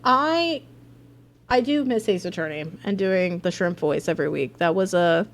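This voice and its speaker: A woman's voice: on the low side, expressive, normal speed. A woman streaming a game live, chatting in a rambling, casual way. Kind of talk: live game playthrough chat.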